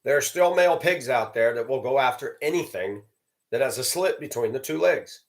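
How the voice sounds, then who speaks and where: A man's voice: mid-range voice, lively intonation, moderate pace. A man from the American South delivering a sarcastic, judgmental ranting monologue to his channel. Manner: sarcastic, judgmental, emphatic repetition. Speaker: channel host.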